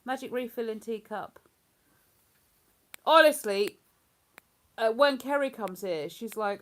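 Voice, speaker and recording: A woman's voice: fairly high pitch, takes it slowly, long pauses. A woman hosting a livestream in casual, rambling chat. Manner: rambling, chatty, breaks into hummed tunes. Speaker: livestream host.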